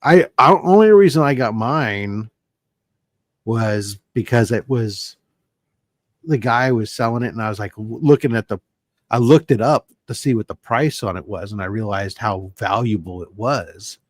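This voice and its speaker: A man's voice: fairly low pitch, expressive, normal speed, no room sound. A man telling a rambling story in casual chat on a video hangout, often stopping and restarting mid-sentence. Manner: rambling, self-interrupting storyteller. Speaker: panel guest. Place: home, joined by video call.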